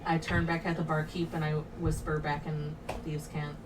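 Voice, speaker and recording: A woman's voice: deep voice, little pitch movement, moderate pace. A woman playing an online tabletop game, eager and chatty, acting out her character's lines. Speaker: player. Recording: distant mic with background noise.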